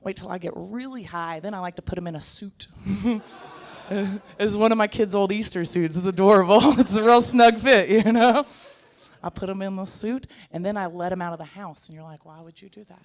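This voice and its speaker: A woman in her thirties performing a stand-up comedy set, animated and jokey, jumping into put-on voices. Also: mid-range voice, moderate pace. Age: 30s. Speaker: stand-up comic.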